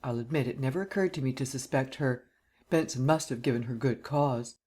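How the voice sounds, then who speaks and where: A man's voice: mid-range voice, a little fast, darkish tone, breathy edge, natural voice. Male narrator plays a cold, terse middle-aged district attorney in an audiobook. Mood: troubled.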